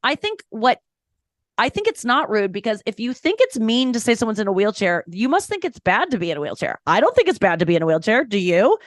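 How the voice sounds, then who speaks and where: A woman comedian with a fairly high voice talks frankly in an interview. She speaks quickly and emphatically and acts out little quotes as she tells stories. The recording is dry and close, with no room sound. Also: sing-song, no echo. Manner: frank, storytelling with acted-out quotes; quick, emphatic, self-correcting. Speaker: stand-up comedian, podcast guest. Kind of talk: candid interview talk.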